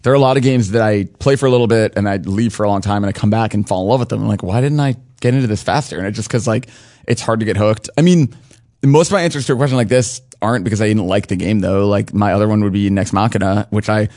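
A man co-hosting a casual chat about video games, talking in long, quick runs. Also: on the low side, a little mellow, no echo, clean studio sound. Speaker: podcast co-host.

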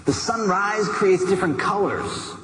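High-voiced man telling a story. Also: unhurried. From United States. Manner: lively, conversational storytelling with asides to the listener. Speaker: motivational speaker. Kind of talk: motivational storytelling speech. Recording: echoey hall with background noise.

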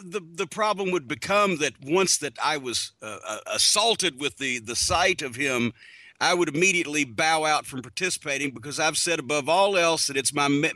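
A man's voice: high-pitched, bright, forceful tone, no room sound. A man on a podcast as a guest, telling rambling sarcastic stories over a video call. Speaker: podcast guest, wrestling personality. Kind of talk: casual podcast interview.

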